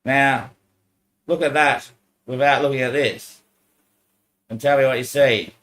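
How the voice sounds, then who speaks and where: A man's voice: medium pitch, fairly even intonation, unhurried, fairly bright tone, poor audio. A man speaking to viewers into a handheld microphone in a disjointed, rambling monologue. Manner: disjointed, loosely connected talk.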